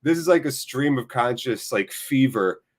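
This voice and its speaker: A man's voice: mid-range voice, lively intonation, moderate pace. A man hosts a casual live football watchalong while running a fever. He rambles, swears offhandedly and pokes fun at himself. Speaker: livestream host.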